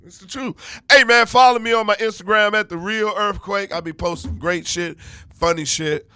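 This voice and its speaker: A man riffing loudly as a comedian guest in casual chat, brash, profane and boastful, from the United States. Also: sits high, normal speed, clean tone.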